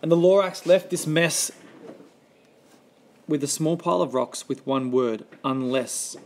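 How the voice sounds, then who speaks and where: A man reading a rhyming children's story aloud with a lively, rhythmic delivery. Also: on the high side, measured pace.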